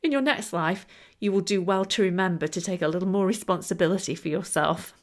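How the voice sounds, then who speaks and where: A woman voicing a calm male deity who answers steadily. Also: lowish voice, natural voice. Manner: calm, measured.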